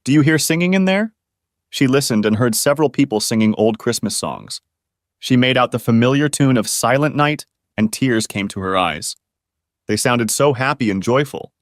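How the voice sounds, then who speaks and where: A man reading a story as scripted narration in a steady storybook voice. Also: medium pitch, normal speed, dry recording, studio quality.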